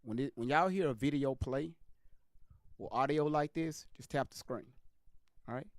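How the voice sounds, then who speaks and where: A man's voice: mid-range voice, normal speed, no room sound, clean studio sound. A man hosting a live stream, commenting on a clip with emphatic, repetitive direct address to his viewers.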